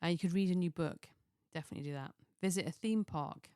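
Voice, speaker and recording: A woman's voice: fairly low pitch, fast, a little mellow, clean tone, no echo, studio quality. A middle-aged woman from Chester, chatting casually through a list of ideas, rambling and restarting with chuckling asides. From Chester, England. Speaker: lifestyle vlogger.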